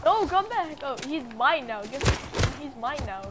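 A woman streaming a game live, chatting casually in an excitable, slangy way and giggling often. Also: high voice, unhurried, noisy background. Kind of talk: casual live gameplay chat.

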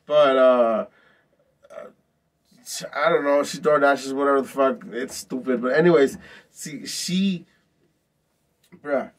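A man's voice: mid-range voice, slow pace, long pauses. Profane rambling man, slightly distant mic. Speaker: vlog host. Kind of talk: casual storytelling.

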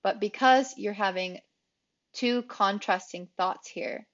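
A woman English teacher explaining grammar rules in a clear, explanatory way, repeating key phrases for emphasis. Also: medium pitch, slow, fairly bright tone, highs cut off. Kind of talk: grammar lesson.

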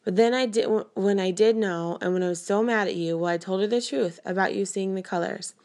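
A woman's voice: mid-range voice, a little fast, darkish tone, lightly acted. A woman reading the lines of an anxious, apologetic teenage girl in an audiobook, pleading and hesitant. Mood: confessing. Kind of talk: audiobook character voice.

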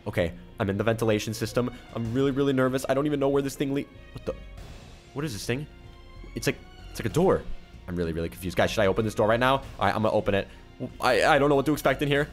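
A man hosts a gaming video with excitable, exclamatory commentary and reads other players' chat aloud in his own plain voice. His pitch sits in the middle range. Faint music plays behind him. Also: racing. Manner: excitable, exclamatory, keeps repeating "oh my goodness". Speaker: YouTuber gaming host. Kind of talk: let's-play gameplay commentary.

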